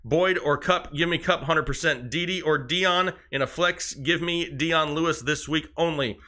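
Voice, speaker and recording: A young man with a bright, forceful, slightly raised voice gives one quick verdict after another as a fantasy football co-host. He talks in short, decisive bursts on a casual live stream. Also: on the high side. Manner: quick verdicts, breathless run of picks. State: out of breath. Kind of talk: rapid-fire lineup advice on a live stream.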